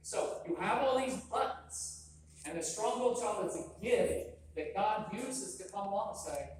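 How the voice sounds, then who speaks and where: This convention speaker, a man in his fifties, has a high-pitched, darkish voice with lively intonation and talks at normal speed. Giving a live seminar, he jokes bluntly and keeps putting questions to the crowd. Audio comes from a distance in a big echoing hall, with noise.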